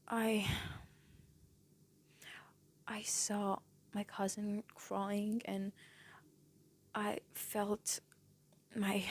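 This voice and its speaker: Young woman, slow and halting with frequent whispered passages, tearful, breathy, somewhat high voice; personal vlog storytelling. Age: young adult. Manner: soft, halting, often drops to a whisper. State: tearful, voice breaking. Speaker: vlogger.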